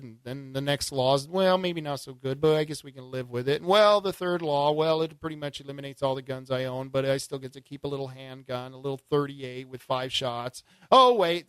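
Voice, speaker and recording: A man's voice: mid-range voice, clean tone, no echo. A man hosting political call-in talk radio, fervent and rhetorical, with folksy asides to his listeners. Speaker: radio talk show host.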